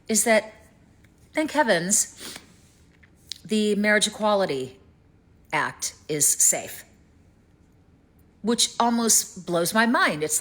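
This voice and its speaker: A woman's voice: on the low side, a bit bright. A middle-aged woman from East Tennessee with a Southern accent, rambling in a worried personal vlog and trailing off to near-whispers. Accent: Southern American. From East Tennessee, United States. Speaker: vlogger. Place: rented home in Canada.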